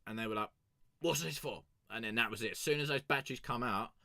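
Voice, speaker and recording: A man's voice: lowish voice, racing, pushed and bright, no echo, studio quality. A young man hosting a music review stream, telling a rambling, sweary story in a casual chat.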